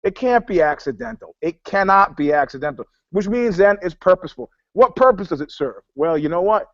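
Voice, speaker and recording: A man with a fairly high voice rambles through profane stories in a casual podcast chat, acting out quotes as he goes. He talks over a video call, and the sound is dull and dry. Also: expressive, fairly quick, no echo. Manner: profane, rambling storyteller who acts out quotes. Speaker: panelist.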